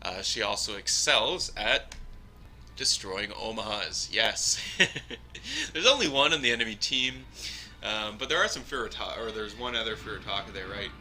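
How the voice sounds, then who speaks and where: Bright-voiced man rambling over gameplay. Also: fairly low pitch, animated, normal speed. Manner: rambling, chuckles often, many fillers. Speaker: gameplay commentator. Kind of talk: casual live gameplay commentary.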